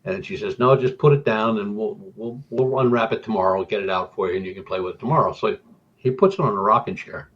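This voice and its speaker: A middle-aged man telling a haunted-house story casually on a radio talk show, voice jumping up when excited. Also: fast talker. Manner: animated, rising high when excited. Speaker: guest storyteller. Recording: dull lo-fi radio call audio.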